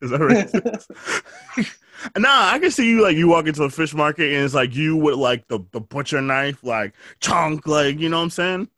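A man's voice: a little high, lively intonation, normal speed, pushed and bright, no echo, studio quality. A man in casual chat who rambles, teases, and laughs often.

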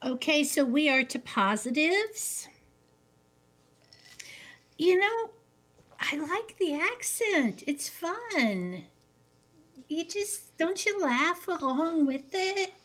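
A woman with a high, lively voice chats casually, swooping up and down as she talks. She is expressive and tosses in jokes. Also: slow pace, pauses often. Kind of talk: casual chat.

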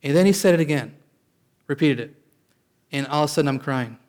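A man's voice: on the high side, fairly quick, a little mellow. A man preaching a sermon as pastor, in a conversational way, often restarting and calling out for an amen.

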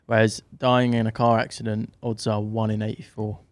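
A man's voice: fairly low pitch, flat delivery, normal speed, no room sound. A young man co-hosting a podcast, citing statistics in a matter-of-fact, casual way with stumbling restarts. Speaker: podcast co-host.

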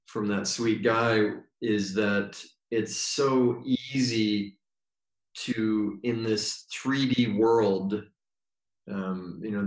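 A man guest on an interview, telling stories in a reflective, meandering way and slowing down for emphasis. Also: lowish voice. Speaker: yoga teacher, podcast guest. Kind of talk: relaxed storytelling interview. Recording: roomy echo.

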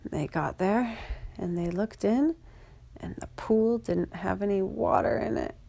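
A woman's voice: mid-range voice, unhurried, vocal fry, mellow, husky. A woman making up a children's story as she goes, rambling along with fillers and restarts. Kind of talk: improvised children's story narration.

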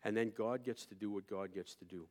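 A male pastor preaching a sermon, moving from quiet storytelling to loud, impassioned preaching. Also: fairly low pitch, fairly quick.

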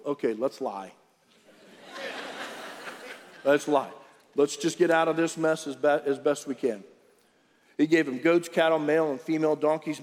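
A male pastor preaching a relaxed, conversational sermon, pausing to joke with his congregation between stretches of scripture reading. His voice sits a little high for a man, and it rings out with a long reverb through a large church hall. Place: church service.

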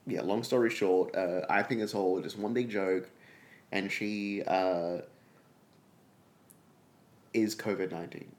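A man's voice: low voice, slow, pauses often. A young man from Australia co-hosting a comedy podcast, telling rambling stories with lots of swearing. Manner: rambling, swearing, animated storytelling. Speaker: podcast co-host. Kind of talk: casual comedic banter.

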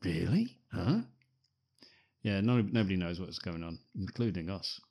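A man co-hosting a casual film podcast, laughing often and acting out film lines in loud bursts. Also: low voice, brisk. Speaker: podcast co-host.

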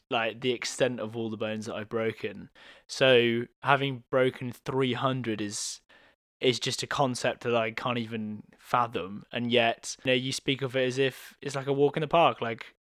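A man from England hosting a podcast, thinking out loud and responding supportively. His voice is mid-pitched and sounds close and dry, with no room echo. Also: clear, resonant tone. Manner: reflective, supportive, thinks aloud. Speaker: podcast host. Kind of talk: casual interview.

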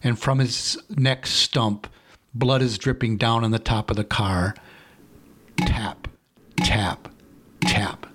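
A man's voice: medium pitch, steady tone, a little slow, fairly bright tone. Man telling a spooky campfire story. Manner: dramatic, suspenseful. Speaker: podcast host.

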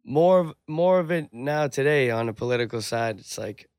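Excitable young man swearing freely. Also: mid-range voice, normal speed, clear, resonant tone, dry recording, studio quality. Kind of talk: casual chat.

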